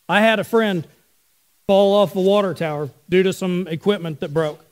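High-voiced pastor telling a family story. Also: male voice, normal speed. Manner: storytelling, conversational with the congregation. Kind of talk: sermon.

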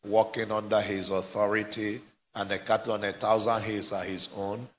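Male pastor, bright tone, fervent call-and-response preaching. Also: fairly low pitch, level tone, moderate pace, a little hiss or hum. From Nigeria. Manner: exhorting, climbs to fervent shouting, prompts replies. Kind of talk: live sermon with call and response. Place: church service before a congregation.

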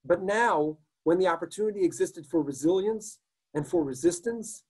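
A man's voice: high-pitched, normal speed, darkish tone, breathy edge, low-quality recording. A man lecturing as a rabbi, telling stories in an earnest, emphatic way during an online talk, sharing his screen. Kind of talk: online lecture with story reading.

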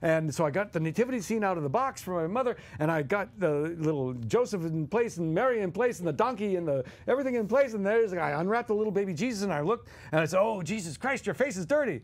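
A man doing an impression of a boisterous older male comedian, talking loud and hammy in a raised voice. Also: animated, fast, hardly any pauses. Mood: jovial. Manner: loud, hammy, higher and louder than his own voice.

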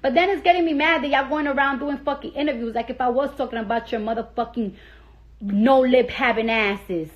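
A young woman with a high voice rants angrily on a phone live stream, cursing nonstop and hammering her points again and again. The sound is dull and lo-fi, like a phone stream. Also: a little fast. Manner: heated, repeats herself for emphasis, swears constantly. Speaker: celebrity on a social media live stream. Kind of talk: angry profane rant.

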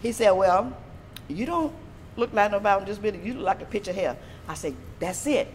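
Animated woman telling a story. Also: mid-range voice, quick pace, a little hiss or hum. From Texas. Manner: lively, animated retelling with laughter. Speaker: disability advocate. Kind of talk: storytelling interview.

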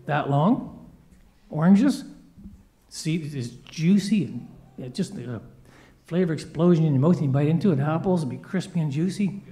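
Playful man telling a children's story. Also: on the high side. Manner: playful, animated storytelling with voiced quotes. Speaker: children's story speaker at church. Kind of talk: children's story in a church service.

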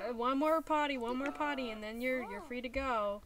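A woman's voice: fairly high pitch, expressive, moderate pace, background noise. A young woman streaming a life-sim game, scolding her characters with exasperation. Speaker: gaming streamer. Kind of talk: casual gameplay commentary.

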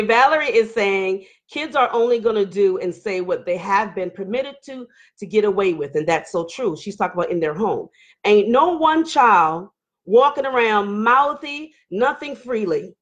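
A middle-aged woman hosting a live online talk show, reading viewer comments and preaching with fired-up energy, hollering at times. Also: mid-range voice.

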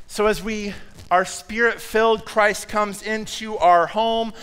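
Bright, clear-voiced male pastor preaching. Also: high-pitched, fairly even intonation. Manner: conversational, self-deprecating storytelling with quick asides. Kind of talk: sermon. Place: church.

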